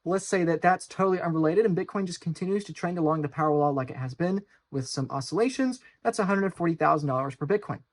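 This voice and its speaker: A man speaks straight to camera on his own finance channel, quick and with few pauses. His monologue is urgent and insistent, stacked with repeated phrases, and lurches between grave, low warnings and loud mockery.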